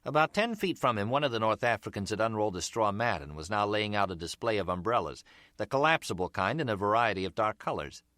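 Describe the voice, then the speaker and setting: Male audiobook narrator, wry delivery, bright and lively, lowish voice, dry close sound. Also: fast talker, dry recording. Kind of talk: scripted narration.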